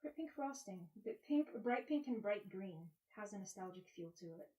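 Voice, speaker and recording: A woman's voice: mid-range voice, animated, moderate pace, warm tone, far from the mic. A woman in her twenties chatting casually with her live stream chat, rambling from topic to topic. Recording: roomy sound, away from mic.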